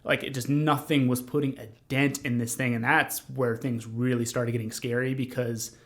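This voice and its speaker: A man's voice: medium pitch, little pitch movement, moderate pace. A young man telling his own story as a podcast guest, earnest and rambling, with many fillers and restarts. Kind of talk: conversational storytelling.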